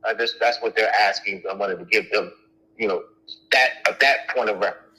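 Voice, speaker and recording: A man's voice: fairly low pitch, fairly quick, bright, forceful tone, slightly rough, rough recording. A man answering audience questions in a lecture, emphatic and repetitive, restarting his sentences often.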